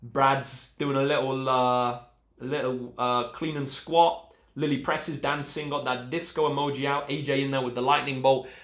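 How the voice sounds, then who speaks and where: A young man speaks in a relaxed live-stream chat, upbeat and encouraging as he greets viewers. His pitch sits in an ordinary middle range. The room around him gives his voice a noticeable echo. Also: moderate pace. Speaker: maths tutor hosting a live stream. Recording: roomy echo.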